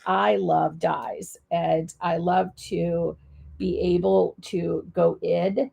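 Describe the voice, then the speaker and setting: Live-stream craft host: woman with a Canadian accent and a cold, slight gravel in her voice, chatty asides. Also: fairly low pitch, level tone, very slow, warm tone. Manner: rambling, friendly, lots of ums and asides. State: has a cold and cough.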